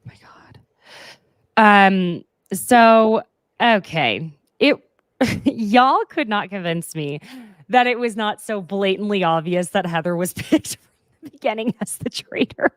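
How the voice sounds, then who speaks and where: A young woman hosts a relaxed reality-show recap, trading sarcastic asides and laughing often. Her voice sits at an ordinary pitch. The sound is close and dry, with no room around it. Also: unhurried, no echo. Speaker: podcast host.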